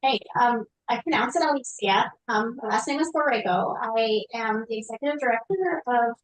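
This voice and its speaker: A woman's voice: on the high side, brisk, slight background noise, poor audio. A woman speaking as a guest on a podcast, an association director, explaining her background in a conversational way with frequent ums.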